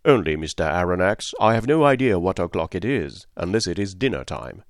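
A man voicing a hot-tempered harpooner, blunt, impatient, low voice, storybook reading. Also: big pitch swings, fairly quick, no echo, studio quality.

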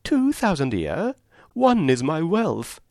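Man doing a calm sensible young lady, a bit teasing, lively lilt, dry sound. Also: fairly high pitch, dry recording, voice pushed up, full character voice. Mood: wry. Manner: measured, gently teasing. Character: sensible composed young woman, gently wry. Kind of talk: audiobook reading of a classic novel.

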